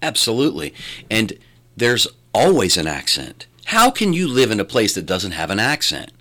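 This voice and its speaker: A middle-aged man with a West Virginia lilt talks as a guest, his low voice swooping up and down with lots of life. He rambles and restarts his sentences as he tells his story. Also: moderate pace. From born in Louisiana, raised in West Virginia. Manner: rambling, animated, restarts often. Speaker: guest, filmmaker and radio announcer. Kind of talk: conversational interview.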